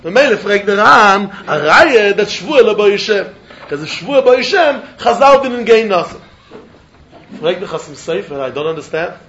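A man's voice: high-pitched, very animated, moderate pace, fairly bright tone, dull audio. A man teaching a Talmud class, in a singsong study chant. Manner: singsong study chant, mixing English with Hebrew, Aramaic and Yiddish terms. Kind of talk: yeshiva-style Talmud lecture.

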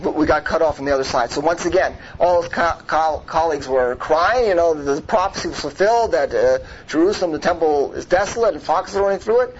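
A man with a somewhat high voice teaches a Torah class, weaving Hebrew words into his English. He leans on rhetorical questions and keeps checking in with his listeners. The recording sounds muffled and lo-fi, with a faint noise underneath. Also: lively intonation, fast talker, hardly any pauses. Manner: rhetorical, checks in with "right?" and "okay?"; mixes Hebrew terms into English.

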